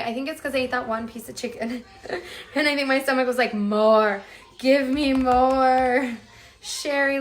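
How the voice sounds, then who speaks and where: A woman's voice: high voice, a bit bright. A woman hosting a home cooking livestream, chatting casually and reading out viewer comments in an upbeat way. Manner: chatty, upbeat, addresses viewers as "you guys".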